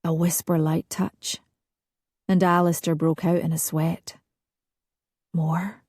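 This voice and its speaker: A woman narrating a historical romance audiobook in a slow, hushed, sensual reading. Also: low-pitched, flat delivery, dry recording, studio quality.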